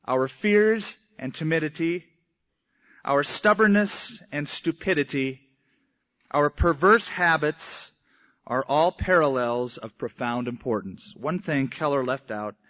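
Higher-voiced pastor preaching in an echoey hall. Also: male voice, fairly bright tone. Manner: conversational, with slow emphatic phrasing. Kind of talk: sermon. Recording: echoey hall, dull lo-fi sound.

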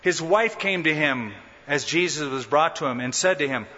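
A man's voice: on the high side, big pitch swings, normal speed, bright, forceful tone, slight background noise. A man preaching a sermon as pastor, emphatic and dramatic, stretching out key words. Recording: muffled sound in a reverberant hall.

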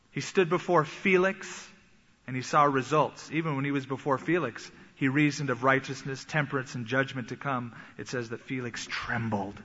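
A man preaching a sermon, animated and acting out the voices he quotes. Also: fairly high pitch. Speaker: pastor. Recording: echoey hall, dull sound.

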